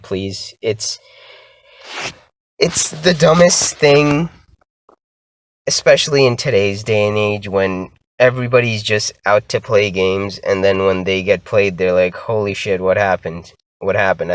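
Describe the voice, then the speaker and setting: Deep-voiced guy ranting on a podcast. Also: dry recording. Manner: animated, exasperated ranting. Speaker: podcast host. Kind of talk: casual solo rant.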